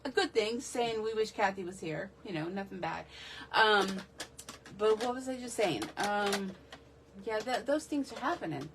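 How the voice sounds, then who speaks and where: A woman's voice: mid-range voice, lively intonation, moderate pace, slight background noise. A woman from the northeastern United States hosting a casual live stream from her home craft room. She chats in a rambling way and greets viewers by name.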